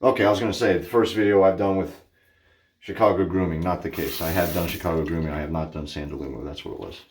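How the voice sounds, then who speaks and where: A man from Texas with a notably deep voice talks his way through a shave. He rambles, breaks off to greet people, and corrects himself mid-sentence in a loose, chatty way. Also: fairly even intonation, fast talker, a little mellow, slight background noise. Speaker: wet shaving channel host. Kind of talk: casual chat while shaving.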